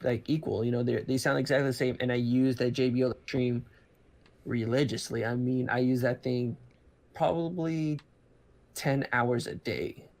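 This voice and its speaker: A man's voice: medium pitch, steady tone, moderate pace, vocal fry, darkish tone. A man chatting casually about laptops, rambling, with many restarts and fillers. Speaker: podcast co-host. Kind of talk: casual chat.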